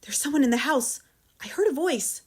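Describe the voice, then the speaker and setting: A woman voicing a panicky, shrill middle-aged mother who hisses urgent orders. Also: sing-song, brisk, darkish tone, breathy edge, exaggerated voice. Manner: hissing, urgent.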